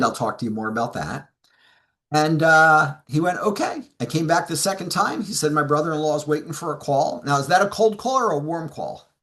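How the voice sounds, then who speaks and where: A man's voice: on the high side, fairly bright tone. A middle-aged man giving a seminar talk as a sales trainer, telling stories and acting out both sides of client conversations.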